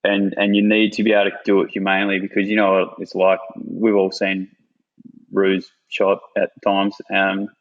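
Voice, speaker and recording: Australian man, low-pitched, casual storytelling, swears a lot, dull lo-fi podcast audio. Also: normal speed. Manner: swears freely, animated retelling. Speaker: guest.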